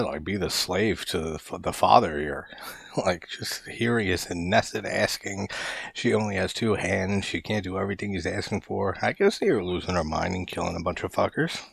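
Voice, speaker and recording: A man's voice: sits low, vocal fry, breathy edge, no echo. A young man hosting a podcast, reviewing a film in a loose, rambling way with lots of "like" and casual swearing. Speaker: podcast host.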